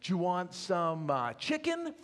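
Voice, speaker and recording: A man voicing a friendly, eager male butcher who fires off rapid questions, in an echoey church hall. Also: sits high, wildly swooping pitch, fairly bright tone, exaggerated voice. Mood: chirpy.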